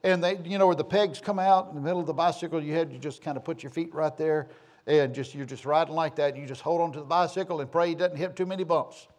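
A man's voice: fairly high pitch, steady tone, quick pace, darkish tone. A middle-aged man from the southern United States tells a rambling, homespun personal story with self-deprecating humor.

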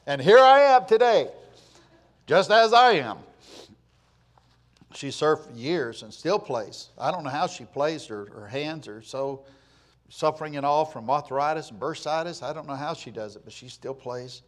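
A man in his fifties or sixties preaches through a family story in a middle-pitched voice. He is folksy and emphatic and repeats words for weight. His voice swings from loud to a near hush. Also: normal speed. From Florida, USA. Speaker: pastor. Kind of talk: storytelling sermon.

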